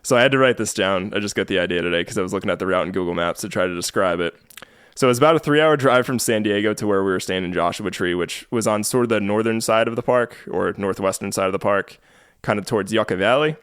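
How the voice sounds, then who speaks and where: A man with a low voice tells a road-trip story on a podcast. He is casual and chatty and laughs often, and the sound is close and dry. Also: fast talker, hardly any pauses, fairly bright tone, smooth, no room sound. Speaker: podcast host. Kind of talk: casual chat.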